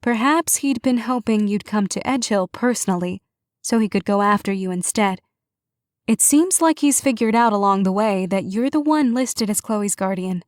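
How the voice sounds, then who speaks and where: Young woman sleuth, brisk and thoughtful, mid-pitched, dry close read; the narrator plays her. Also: darkish tone, no echo, natural voice. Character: sharp, curious young woman investigator. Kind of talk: audiobook character reading.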